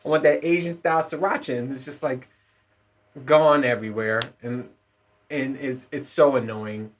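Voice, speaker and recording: A man's voice: medium pitch, a bit bright. Male podcast host, mid-range voice, casual profane solo rant, rambling and laughing. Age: adult parent.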